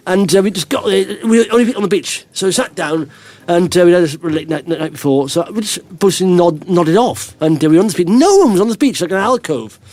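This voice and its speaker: Fast-talking man, chatty host. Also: sits high, expressive, a little mellow. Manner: rambling, anecdotal, chuckling often. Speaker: podcast host. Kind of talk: casual podcast chat.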